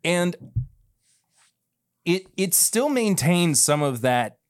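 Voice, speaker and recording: Podcast host guy, super animated voice, all over the place in pitch, dry close mic. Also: slow, no room sound. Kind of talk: casual podcast chat.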